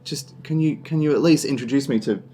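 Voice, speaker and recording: A man voicing a burly, brash father figure who shouts, swears and calls people mate. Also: mid-range voice, a little fast, voice pushed up, natural voice. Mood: gruff, rowdy. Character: gruff burly middle-aged male warrior dad, brash.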